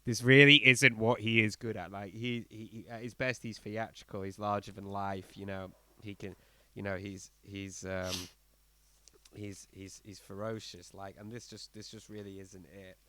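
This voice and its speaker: A man co-hosting a podcast, talking in a casual, blunt and animated way with many fillers and restarts as he reviews an album. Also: lowish voice, normal speed. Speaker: podcast co-host.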